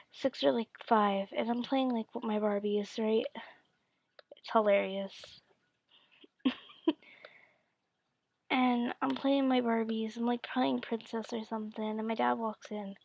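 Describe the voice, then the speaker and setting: A tired woman telling a story in a vlog. She talks fast, drops into whispered asides and stammers through quotes. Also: a little high, creaky, no echo. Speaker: vlogger. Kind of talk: casual storytelling. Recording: dull, dry lo-fi recording.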